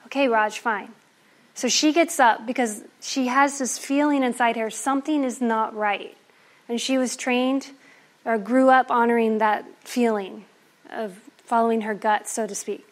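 Lively woman telling a folktale. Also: a little high, a little slow. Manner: lively, animated, playful asides. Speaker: storyteller. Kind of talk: oral storytelling performance.

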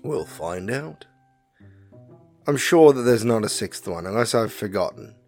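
A podcast co-host and quizmaster with a fairly low, animated, darkish voice reads quiz questions aloud on a casual show, with soft music in the background. He takes the answer options slowly and deliberately, tossing in chatty asides.

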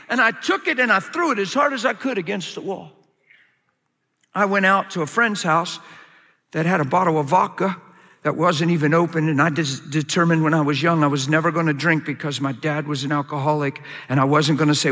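A bright, fairly high-voiced man preaches a sermon in a big hall, his words ringing with a long reverb. He tells his story with lots of drama, jumping from loud shouts to hushed asides in front of a live audience. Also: fairly quick. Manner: animated storytelling, swinging from loud shouts to low quiet asides. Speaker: pastor.

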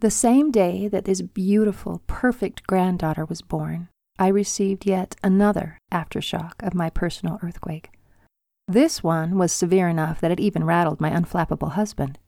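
Calm older woman reading her memoir. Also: lowish voice, moderate pace, creaky, no echo, studio quality. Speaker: podcast host and author.

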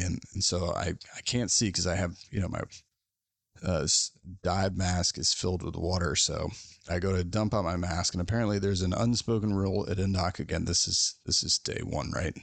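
A man's voice: sits low, steady tone, a little fast, vocal fry, no room sound. A man hosting a podcast, telling a story in a casual, rambling, self-mocking way with lots of fillers. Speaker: podcast host.

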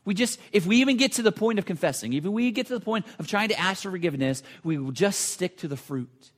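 A man preaching a sermon with a slightly higher than usual voice. He talks earnestly, repeats and restarts his phrases, and sometimes sinks to a near whisper to drive a point home. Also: lively intonation, fast talker. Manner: earnest, repetitive preaching with many restarts and dramatic drops to a hush. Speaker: pastor.

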